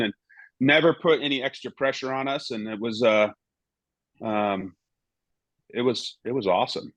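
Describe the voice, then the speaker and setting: A man's voice: on the low side, moderate pace, a bit bright, no echo, low-quality recording. A middle-aged man, a former goalkeeper and now a podcast guest, who tells anecdotes in a rambling way and keeps adding "you know" and "right?". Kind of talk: casual anecdote telling.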